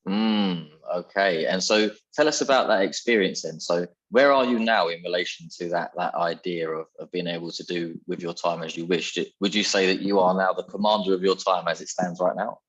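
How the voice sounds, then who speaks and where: A man's voice: low voice, brisk, few pauses, fairly bright tone, highs cut off. A man hosting a podcast interview in an upbeat, chatty, effusive way. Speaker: podcast host. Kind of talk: casual interview chat.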